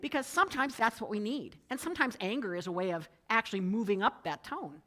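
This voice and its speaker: Woman, conversational sermon, lively storytelling, bright voice. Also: mid-range voice, fast talker. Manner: storytelling, animated, quoting others in changed voices. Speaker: speaker giving a Sunday message. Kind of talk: conversational sermon with personal stories. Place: church sanctuary.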